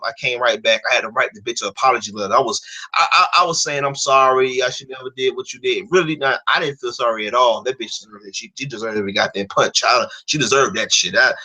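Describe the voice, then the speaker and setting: A man's voice: mid-range voice, bright, forceful tone, poor audio. A man in his twenties hosting a stream, telling a personal story in heated, profane casual talk. His speech is blunt and full of swearing. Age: 20s. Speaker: stream host.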